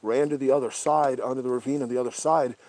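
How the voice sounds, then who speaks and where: Hushed, profane man. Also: medium pitch, steady tone, fast, dry recording. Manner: profane, often hushed and whispering. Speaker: livestream host. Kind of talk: casual livestream commentary. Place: outdoors at night in brush by a creek.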